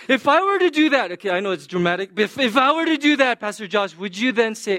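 A male pastor preaching a sermon, telling an animated story that he acts out and checking in with his listeners. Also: high-pitched, fast talker, few pauses.

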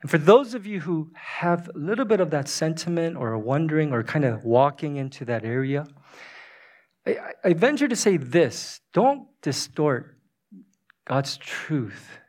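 A male pastor in his thirties preaching a sermon, telling a family story with laughter and swinging from hushed tones to loud bursts. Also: mid-range voice. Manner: laughs through his anecdotes.

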